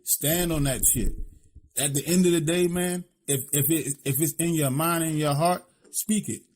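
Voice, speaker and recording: A man's voice: on the high side, moderate pace, darkish tone. A man from Philadelphia with a Philly accent, co-hosting a podcast in blunt, profane casual talk, constantly asking "you know what I'm saying". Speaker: podcast co-host.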